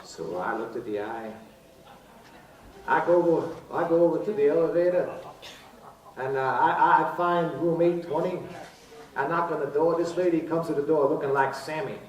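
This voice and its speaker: A man's voice: a little high, normal speed, pauses often. A man impersonating a famous crooner on a casino stage, telling jokes between songs in a lazy, easygoing crooner patter. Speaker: tribute performer doing a famous crooner. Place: casino showroom stage with live audience. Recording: roomy live showroom, distant, audience and noise.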